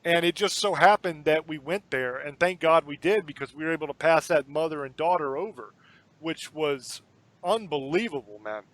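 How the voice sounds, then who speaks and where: A man's voice: fairly high pitch, expressive, moderate pace, fairly bright tone, low-quality recording. A man hosting a podcast, chatting casually and asking long, rambling questions with enthusiasm. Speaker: podcast host. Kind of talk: casual interview chat.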